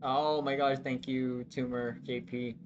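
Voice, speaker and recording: A live streamer chatting with viewers, excitable, exclaiming and often laughing. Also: medium pitch, unhurried, dull audio.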